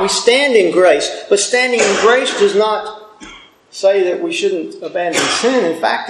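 A man's voice: sits high, slight background noise. A man preaching a sermon in an earnest tone, often repeating words as he presses a point. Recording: echoey room.

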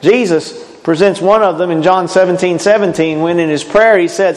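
Guy preaching a sermon, kinda high voice, earnest, restarts a lot, church hall reverb. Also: normal speed, hardly any pauses, darkish tone. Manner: earnest, emphatic, with frequent restarts.

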